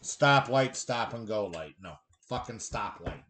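A man's voice: lowish voice, animated, measured pace, a bit bright, a little hiss or hum. A middle-aged man hosting a casual chat, joking crudely and reading out news headlines. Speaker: podcast host.

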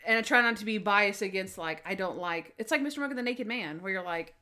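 A woman's voice: medium pitch, fast talker, hardly any pauses. A woman co-hosting a casual podcast, reviewing a TV episode with lots of fillers and acted-out quotes. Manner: animated, acts out quotes, many fillers. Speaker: podcast co-host.

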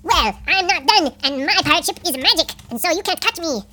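Brief: woman putting on a scoffing, lazy pirate villain in a bedtime story, quick and bouncy. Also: very high voice, lively intonation, bright, forceful tone, a little hiss or hum, heavily acted. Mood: gloating. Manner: gloating, scoffing laughs. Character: boastful lazy male pirate captain villain.

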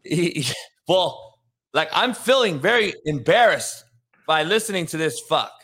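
A man who coaches football, co-hosting a casual podcast with animated, profane storytelling. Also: on the high side, measured pace, husky. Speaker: coach, co-host. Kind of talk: casual chat.

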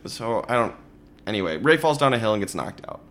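A man with a slightly low voice hosts a casual movie-review chat. He talks in an animated way and mocks the plot as he goes. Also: brisk, slight background noise. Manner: sarcastic, animated recapping. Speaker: podcast host.

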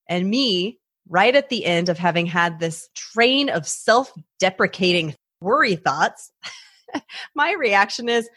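A woman's voice: medium pitch, animated, slow pace, a bit bright, dry recording, studio quality. A woman hosting a personal podcast, talking animatedly and acting out her own anxious inner thoughts. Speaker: podcast host.

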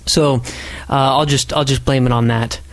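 A man hosting a casual podcast, chatty and self-deprecating, rambling through listener shout-outs. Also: medium pitch, steady tone, moderate pace, no echo. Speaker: podcast host.

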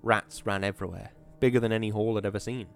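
Audiobook narrator, man, low voice, steady and measured, faint music under. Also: gravelly.

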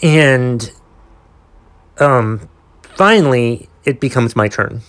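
A young man rants through a solo podcast episode, swearing often and circling back over his own points in exasperation. His voice sits at an ordinary middle pitch, and he talks the way one vents to friends. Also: lively intonation, takes it slowly, a bit bright, smooth. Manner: exasperated, profane ranting storyteller. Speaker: podcast host.

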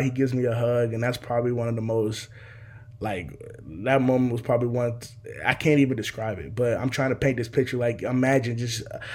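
Young guy rambling through a story, lots of likes, mid pitch, plays out the moments. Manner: animated, heavy filler words, acts out scenes. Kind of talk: casual storytelling.

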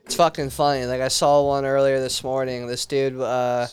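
A man's voice: mid-range voice, flat delivery, normal speed, a crowd in the background. A man co-hosting a podcast in casual chat, speaking crude slang and saying "dude" constantly. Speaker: podcast co-host.

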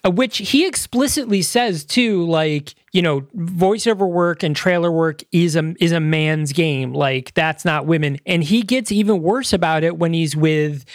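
A man co-hosting a casual movie podcast, his voice sitting a little high. He rambles and restarts his sentences, and the sound is dry and close with no room around it. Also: unhurried, few pauses, no echo. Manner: rambling, loose, lots of fillers and restarts. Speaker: podcast co-host. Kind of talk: casual movie review chat.

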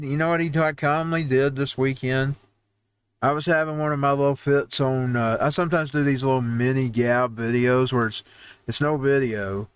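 A man's voice: mid-range voice, a bit bright, clean tone, no room sound. A man hosting a home-made show, ranting over news headlines in a heated, rambling way with frequent restarts. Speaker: host. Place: home newsroom studio.

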